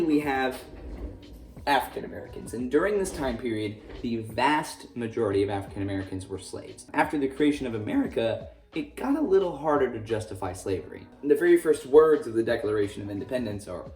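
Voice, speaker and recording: A man's voice: medium pitch, sing-song, fairly quick, a little mellow. A man teaching a casual history lesson, full of jokey, sarcastic asides. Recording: roomy echo, distant mic, faint music.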